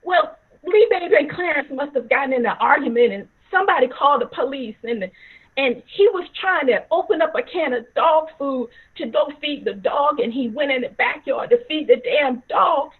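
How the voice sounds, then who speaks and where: A woman shouting as a grieving, furious father. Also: high voice, lively intonation, unhurried, breathy edge, full character voice. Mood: angry. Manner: shouting, choked with tears. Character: grieving furious father, man in his prime. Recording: tinny phone-like audio.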